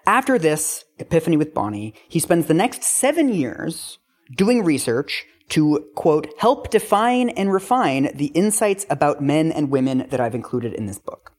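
A man's voice: a little high, big pitch swings, moderate pace, a little mellow. A man co-hosting a podcast, explaining and reading quotes with a wry, critical tone. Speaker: podcast co-host. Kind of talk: casual chat and reading quotes aloud.

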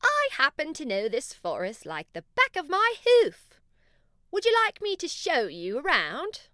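A woman's voice: high voice, wildly swooping pitch, measured pace, sharp tone, no echo, clean studio sound, pitched above the performer's own voice, exaggerated voice. A woman voicing a friendly male unicorn in a children's story, speaking in a melodious, welcoming way. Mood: cheerful. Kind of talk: storybook character voice.

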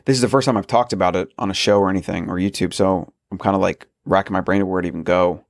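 A man's voice: deep voice, steady tone, quick pace, no echo, clean studio sound. A man hosting a solo podcast, talking earnestly in a rambling way with frequent restarts. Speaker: podcast host.

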